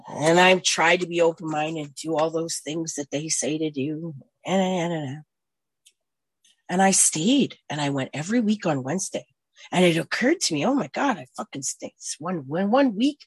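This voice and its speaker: Husky, blunt woman in her forties. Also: on the low side, no echo. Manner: blunt and profane, swinging from hushed to loud. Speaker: recovering addict sharing her story. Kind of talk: personal recovery testimony.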